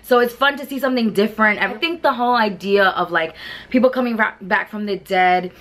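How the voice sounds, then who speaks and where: A woman's voice: medium pitch, fairly quick, a bit bright. A woman, chatting casually and rambling through a review of television shows, full of fillers and restarts. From New York. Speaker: beauty vlogger.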